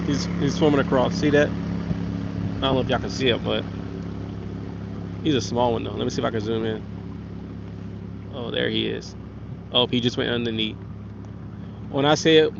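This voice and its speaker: A man's voice: a little high, background noise. Rambling man on a muffled stream. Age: 30s. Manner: rambling, laughs often, reads chat. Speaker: fishing livestream host. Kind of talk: casual storytelling livestream. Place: outdoors on the water in a kayak. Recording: dull lo-fi outdoor stream audio.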